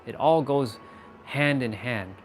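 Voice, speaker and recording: A man's voice: mid-range voice, slow, slight background noise. A man hosting a casual motivational livestream, rambling and playing with words while talking to his chat. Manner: rambling, playful wordplay, talks to chat. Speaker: livestream host. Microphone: phone or laptop for live stream.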